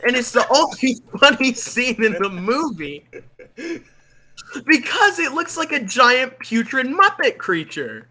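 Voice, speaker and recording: A streamer telling a movie plot as a comedic rant, animated and giggly, with frequent swearing. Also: high-pitched, measured pace.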